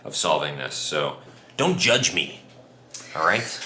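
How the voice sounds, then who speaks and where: A man's voice: extremely low pitch, takes it slowly. A man co-host chatting casually, rambling with lots of "like" and "uh". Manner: relaxed rambling with fillers and restarts. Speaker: vlog co-host. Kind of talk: casual chat. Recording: echoey room, faint noise.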